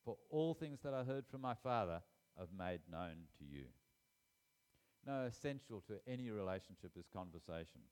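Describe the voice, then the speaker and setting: A man's voice: fairly low pitch, big pitch swings, moderate pace, darkish tone, clear, resonant tone. A man preaching a sermon, reading scripture aloud and stressing key phrases with repetition and sudden rises in voice. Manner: emphatic, repeats key phrases, rises sharply for emphasis.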